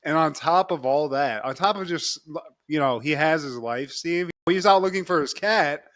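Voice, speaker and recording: A young man with a somewhat high voice tells a sitcom episode back in a loose, swearing, laugh-filled way. It is casual podcast chat. The sound is close and dry, with no room echo. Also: normal speed, fairly bright tone. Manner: loose, profane storytelling with frequent laughs. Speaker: podcast co-host.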